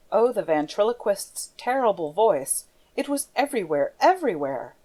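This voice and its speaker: Female audiobook narrator, mid-pitched, measured, expressive. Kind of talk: audiobook reading of a classic novel.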